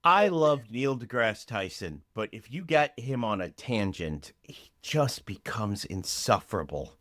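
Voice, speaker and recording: A young man as a podcast guest, joking and animated in casual banter, jumping into shouts. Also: fairly low pitch, a little slow, dry recording, clean studio sound.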